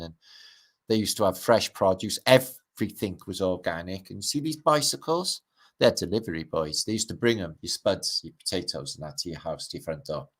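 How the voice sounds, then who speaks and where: A middle-aged Welsh man hosting a livestream, rambling casually over pictures with wry asides and casual swearing. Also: sits low. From Wales. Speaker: livestream host.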